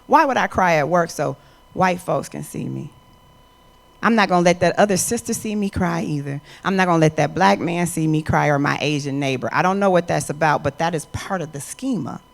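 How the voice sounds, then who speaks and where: A middle-aged woman giving a motivational talk to an audience. She speaks emphatically and conversationally, moving from soft asides to loud declarations. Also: sits low, brisk, creaky.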